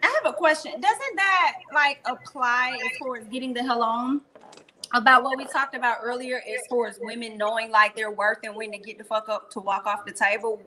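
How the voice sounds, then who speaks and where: A woman on a casual panel with a fairly high, bright, forceful voice. She asks questions and chimes in often. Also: fairly even intonation, fairly quick, a little hiss or hum, rough recording. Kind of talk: casual group chat.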